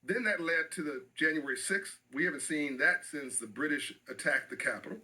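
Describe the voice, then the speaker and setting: A man's voice: on the high side, brisk, pushed and bright, low-quality recording. A middle-aged man speaking as an interview guest, passionate and emphatic, often repeating phrases for stress.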